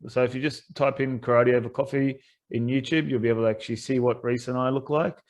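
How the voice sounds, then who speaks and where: A man's voice: mid-range voice, fairly even intonation, quick pace. A man hosting a podcast, telling stories in a casual, rambling way and laughing often. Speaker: podcast host. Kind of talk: casual chat.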